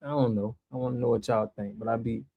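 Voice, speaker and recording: A man's voice: medium pitch, steady tone, fast talker, phone-quality sound, faint music behind. A man hosting a reaction channel, talking to viewers in a laid-back, conversational way. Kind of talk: casual commentary.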